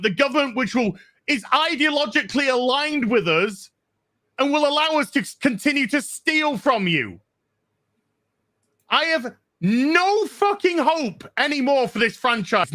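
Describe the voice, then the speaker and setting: A man's voice: very high-pitched, bright, forceful tone. A man co-hosting a podcast, delivering a heated, emphatic rant full of swearing. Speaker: podcast co-host. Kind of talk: angry profane rant.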